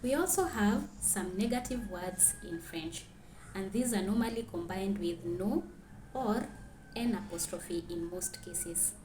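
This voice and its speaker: A woman teaching a grammar lesson, clearly reading out French example sentences and then translating them. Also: medium pitch, measured pace, darkish tone, roomy sound, a little hiss or hum.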